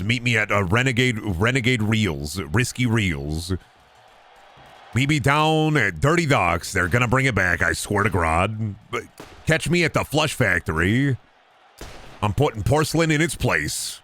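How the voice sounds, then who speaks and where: A man in his thirties hosts a game stream with a somewhat low voice. He rambles from bit to bit, swears freely and jokes with his chat. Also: fairly bright tone. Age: 30s. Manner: rambling, profane, jokey, riffing on chat.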